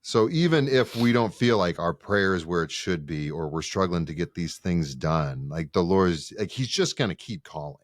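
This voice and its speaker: A seminarian talking in a casual podcast chat, telling stories with lively acted-out dialogue. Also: male voice, low voice, moderate pace, few pauses, no echo, studio quality. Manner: animated storyteller who acts out quoted dialogue.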